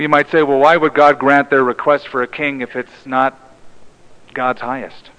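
A male pastor preaching a sermon in an emphatic way, often dropping to a hushed tone for the key lines. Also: medium pitch, fairly even intonation, normal speed, muffled recording.

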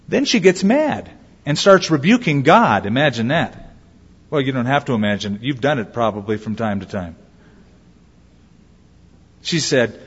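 A man's voice: medium pitch, husky. A man preaching a sermon as a pastor, acting out quoted voices as he goes. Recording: lo-fi with long hall reverb.

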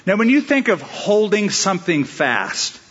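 Speaking a little slowly in a high, husky, somewhat bright voice with big swings in pitch, a male pastor preaches conversationally. He poses rhetorical questions and acts out asides, captured in a dull recording with long hall reverb.

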